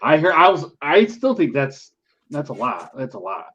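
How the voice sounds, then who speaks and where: A man joining a casual live stream chat as a guest, talking hesitantly and trailing off quietly. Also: on the high side, very animated, normal speed, highs cut off, crowd noise.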